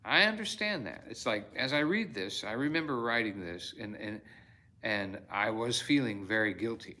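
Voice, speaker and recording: A man's voice: fairly low pitch, animated, moderate pace, sharp tone. A male storyteller in a reflective fireside talk, reading his own devotional in an earnest, heartfelt way with sudden exclamations.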